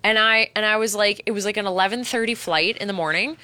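A woman's voice: medium pitch, quick pace, background noise. A young woman from Canada, co-hosting a podcast and animatedly telling a story, swearing a lot. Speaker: radio podcast co-host. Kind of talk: casual chat, storytelling.

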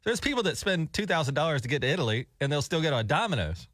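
A young adult man co-hosting morning radio, chatty and quick to laugh, speaking into a studio microphone. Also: fairly high pitch, very animated, fairly bright tone, dry recording. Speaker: radio show co-host.

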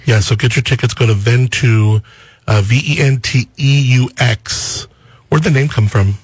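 A man's voice: medium pitch, normal speed, slightly rough, dry recording. A man hosting a radio morning show from the studio, chatting with a guest in an upbeat, enthusiastic way, slipping into sing-song promo lines. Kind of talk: casual radio interview chat. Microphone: studio microphone.

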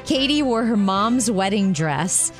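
A woman co-hosting a show, presenting light feel-good stories in an upbeat, lively way. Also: mid-range voice, a little slow, soft background music. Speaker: radio show co-host. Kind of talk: casual chat and news-story reading.

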